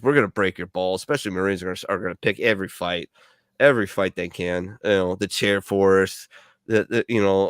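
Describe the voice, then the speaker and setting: A man's voice: fairly low pitch, clean tone, no room sound, clean studio sound. A man from Milwaukee, a veteran co-host of a radio show, rambling through profane stories in casual chat full of fillers.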